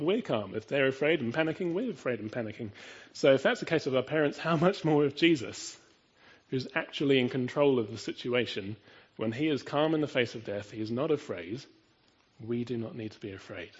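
A man's voice: mid-range voice, breathy edge, lo-fi sound. A man preaching a sermon in an earnest, emphatic way, often asking his listeners rhetorical questions.

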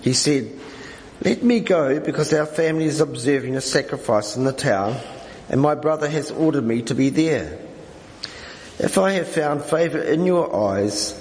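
A man reading scripture aloud during a church service, in a measured, steady way. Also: mid-range voice. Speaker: scripture reader. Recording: echoey hall with faint noise.

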